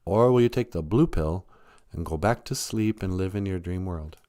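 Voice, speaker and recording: A man's voice: sits low, normal speed, mellow, no room sound, clean studio sound. A man hosting a live stream, chatting casually and rambling from joke to joke, laughing often.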